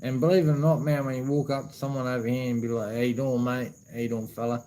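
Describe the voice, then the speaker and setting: A man's voice: mid-range voice, level tone, quick pace, mellow, low-quality recording. A man with an Australian accent chatting casually to camera in a laid-back way, swearing freely and saying "you know what I mean" a lot. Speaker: vlogger.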